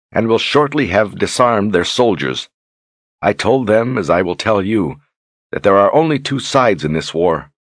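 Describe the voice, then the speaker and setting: A man voicing a young queen who reads a grave letter aloud, solemn and measured, in a storybook reading. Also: fairly low pitch, no echo, studio quality.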